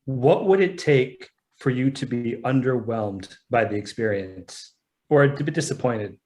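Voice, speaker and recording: An easygoing man hosting a podcast, asking questions and laughing readily along with the others. His voice sits at an ordinary middle pitch. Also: a little slow, darkish tone. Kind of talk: casual chat.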